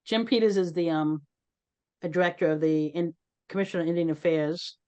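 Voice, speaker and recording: A woman's voice: on the low side, moderate pace, dark tone, smooth, muffled recording. Earnest woman leading an online meeting. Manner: earnest, conversational, calls on participants. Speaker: host. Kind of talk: online community meeting discussion.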